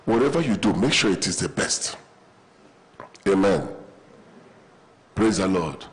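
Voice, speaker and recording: A man's voice: deep voice, very animated, measured pace, rough recording. A man preaching a sermon in a church auditorium, telling humorous stories and calling the congregation to respond. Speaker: pastor.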